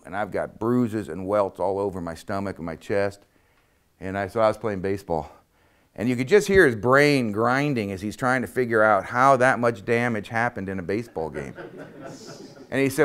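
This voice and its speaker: A man's voice: lowish voice, lively intonation, moderate pace. A middle-aged man telling a self-deprecating, humorous story from his childhood as a motivational talk.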